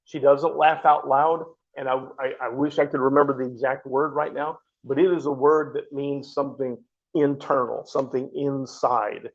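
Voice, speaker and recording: Gravelly, husky male Bible teacher. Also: medium pitch, steady tone, normal speed, highs cut off. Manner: earnest, explanatory, frequent restarts. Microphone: microphone.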